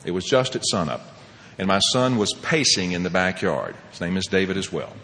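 A man sharing his personal recovery story as a speaker at a meeting, animated and laughing often, swinging between loud and hushed. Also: low-pitched, a little fast, long reverb tail.

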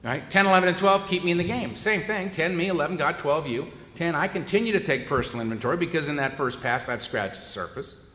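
A recovery speaker gives a humorous, wry, self-deprecating talk to a meeting hall. He talks fast in a fairly high, expressive, sharp-toned voice, with a little hiss or hum and long reverb from the echoey hall.

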